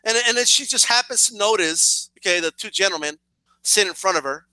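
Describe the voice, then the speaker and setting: A man in a casual comedic rant, profane and animated, who keeps asking "right?" to his listeners. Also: sits high, fairly quick, no room sound. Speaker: vlogger.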